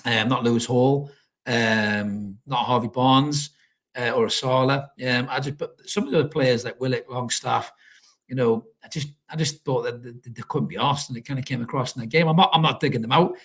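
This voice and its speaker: A man talks loosely through a live stream, reading out comments and answering them. He swears freely and calls his listeners mate. His voice sits in an ordinary middle pitch. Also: moderate pace, fairly bright tone. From North East England. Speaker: fan channel host reading live chat. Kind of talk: casual live stream chat.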